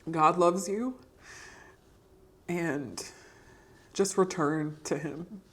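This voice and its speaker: A woman's voice: fairly low pitch, drawn-out words, a bit bright. A young adult woman sharing a personal faith testimony to camera, earnest and encouraging. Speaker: podcast host sharing testimony. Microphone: camera mic.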